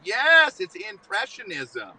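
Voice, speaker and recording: A man's voice: very high voice, huge pitch swings, slow, creaky, bright, forceful tone, low-quality recording. A man hosting a live trivia stream, upbeat and playful as he reads questions, speaking from a vehicle. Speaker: trivia host.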